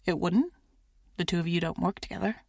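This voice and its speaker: A woman's voice: lowish voice, brisk, gravelly, a little mellow, breathy edge, dry recording. A woman narrator playing a tired, aloof male CEO who banters with a dry, taunting edge.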